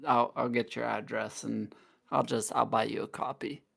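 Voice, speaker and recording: A man, an author who is a guest on a podcast, talking casually in halting starts and repeating his words. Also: medium pitch, steady tone, gravelly, fairly bright tone. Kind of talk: casual chat.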